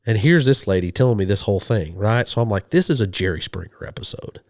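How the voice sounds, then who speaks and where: A man, a podcast guest telling a hunting story in a casual, animated way and acting out the people he quotes. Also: lowish voice, quick pace, no room sound, studio quality. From western Oklahoma. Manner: animated, acts out quoted voices. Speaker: guest, hunting show host and minister.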